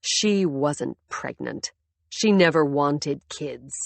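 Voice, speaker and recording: A bitter, furious husband, as a woman reader puts him on in a storybook reading, speaking low and slow with venom in every word. The delivery is dry and close, with nothing of the room around it. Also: slightly rough, dry recording, heavily acted. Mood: venomous. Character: bitter, furious male husband in his prime.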